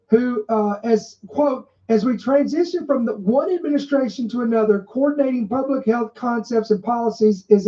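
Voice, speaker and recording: A woman with a higher-pitched voice reads headlines aloud and breaks off to comment on them. She stresses and repeats key words for effect, and her tone is warm and mellow. The recording sounds dull and muffled. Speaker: podcast host. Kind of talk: commentary reading news aloud.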